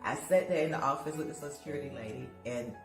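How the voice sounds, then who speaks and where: A woman guest telling her own caregiving story in conversation, animated, acting out dialogue and laughing as she goes. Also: rumbling low, rapid-fire. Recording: roomy sound with music behind.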